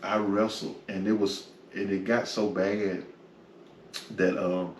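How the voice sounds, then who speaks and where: Man in his 40s, very low voice, reflective testimony, echoey room, mic set back. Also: little pitch movement, slow. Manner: reflective storyteller, peppers talk with "man" and "you know". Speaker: interview guest. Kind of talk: personal faith testimony interview. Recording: echoey room, from far off, faint noise.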